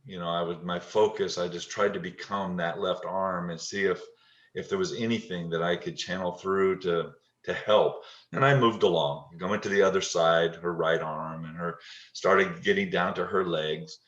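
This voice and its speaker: A middle-aged man telling a moving story about his work in touch therapy, halting and repeating words, tender and moved. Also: deep voice, fairly even intonation, fairly bright tone. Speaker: touch therapy practitioner and teacher. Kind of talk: emotional storytelling interview. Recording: dull, lo-fi and roomy.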